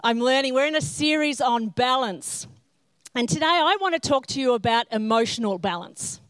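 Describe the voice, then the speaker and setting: A woman's voice: sits high, moderate pace, smooth, dry recording. A middle-aged woman preaching a sermon, telling self-mocking stories and acting out the scenes. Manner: self-mocking humorous storytelling; animated, acts out scenes in character. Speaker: pastor.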